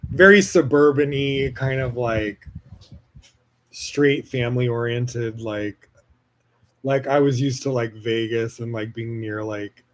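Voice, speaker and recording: An American man hosting a podcast, telling a personal story in a rambling, gushing way, swearing often, laughing, and swinging from loud to soft. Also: mid-range voice. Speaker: podcast host. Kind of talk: casual personal storytelling monologue.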